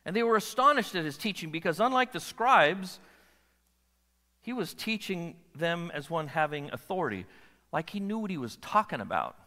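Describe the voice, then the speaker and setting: A man preaching a sermon as a pastor, animated and often checking in with the audience. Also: sits high, moderate pace, in a large hall. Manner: animated, asks the audience questions.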